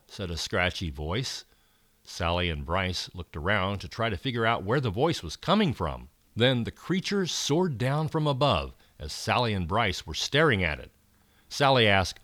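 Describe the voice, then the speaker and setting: A man reading a children's story aloud, expressive and rising for the exciting moments. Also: low-pitched, moderate pace, no room sound, clean studio sound.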